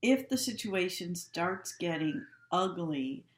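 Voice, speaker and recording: A woman giving a calm, instructive training talk to staff and repeating her key points. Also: fairly low pitch, takes it slowly. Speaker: healthcare trainer. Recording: echoey room.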